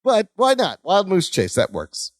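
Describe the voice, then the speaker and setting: A man's voice: sits high, measured pace, no echo, clean studio sound. A man co-hosting a casual podcast, animatedly retelling sitcom scenes and acting out the lines. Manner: animated retelling with acted-out quotes and laughter. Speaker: podcast co-host. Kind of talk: casual rewatch podcast chat.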